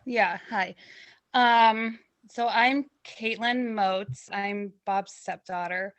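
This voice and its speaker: A woman with a bright, clear voice speaks very slowly and hesitantly at an online memorial. Her voice sounds close and dry, with no room echo. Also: medium pitch. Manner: hesitant, many fillers. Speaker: family member at a memorial. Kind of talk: casual remembrance. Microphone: video call.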